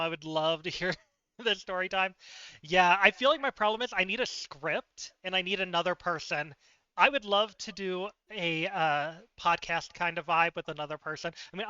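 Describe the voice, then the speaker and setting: A man with a high, smooth voice and a sharp, cutting edge talks through a story in a loose, animated way, full of fillers and laughs. He is recorded close and dry. The sound is a little dull. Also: no echo. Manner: chatty and animated, laughs often, many fillers. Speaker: livestreamer. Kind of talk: casual storytelling chat.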